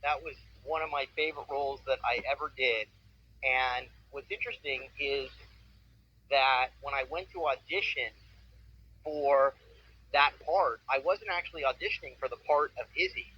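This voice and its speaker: A man's voice: medium pitch, normal speed, husky. A man in his forties, a voice actor telling stories in a casual interview with an upbeat, enthusiastic manner. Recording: muffled with faint noise.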